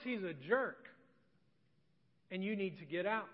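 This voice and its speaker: A middle-aged man preaching as a pastor, conversational and joking, moving between loud emphasis and soft emotional storytelling. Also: high-pitched, lively intonation, measured pace. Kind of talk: sermon with personal story. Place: church sanctuary. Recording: distant echoey hall, dull sound.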